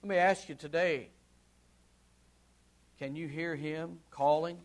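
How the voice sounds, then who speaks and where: A man preaching a sermon, swinging from loud ringing calls to hushed low murmurs, with drawn-out emphatic repetition. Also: steady tone. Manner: slow, drawn-out emphatic delivery with repeated phrases.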